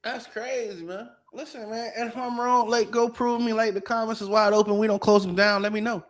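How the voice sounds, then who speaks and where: A man co-hosting a podcast, giving casual political commentary in an animated, profane way full of rhetorical questions. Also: high-pitched, a little fast. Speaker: podcast co-host.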